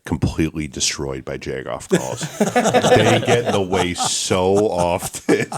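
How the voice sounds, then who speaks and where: A man hosting a casual podcast, talking in a relaxed, loose way with casual swearing. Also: deep voice, slow, a loud crowd. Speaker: podcast host. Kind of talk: casual chat.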